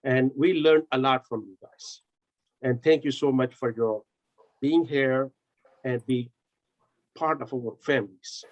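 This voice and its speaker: A man's voice: mid-range voice, steady tone, a little slow, long pauses, muffled recording. A man hosting a video call meeting, giving polite formal closing thanks with frequent uh fillers. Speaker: host.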